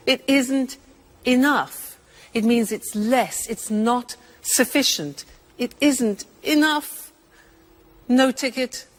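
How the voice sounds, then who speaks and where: Lady teacher explaining english words, slow and super lively voice. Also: a little high. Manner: clear, deliberate, expressive teaching.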